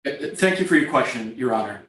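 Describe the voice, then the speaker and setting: A man's voice: mid-range voice, animated, fast, a bit bright, a little hiss or hum. A man arguing for the agency in court, formal and structured, laying out his points in numbered order. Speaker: attorney for the agency. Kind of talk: courtroom oral argument. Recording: echoey courtroom, voice far from the mic.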